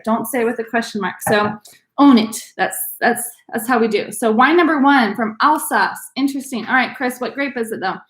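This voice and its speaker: Upbeat lady running an online wine tasting, kinda high voice, lots of ums, echoey room. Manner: upbeat, frequent ums, coaching. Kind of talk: live online class. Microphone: video call.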